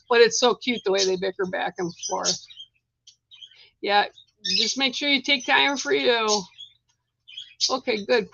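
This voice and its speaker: A woman's voice: on the high side, fairly bright tone, highs cut off. A middle-aged woman giving spiritual card readings on a casual live stream, chatty and rambling with lots of fillers and restarts.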